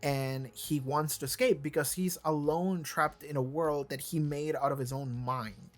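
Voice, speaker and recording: A man's voice: fairly high pitch, fairly even intonation, measured pace, faint music behind. A man hosting a reaction video, rambling through casual commentary with lots of fillers, restarts and casual swearing.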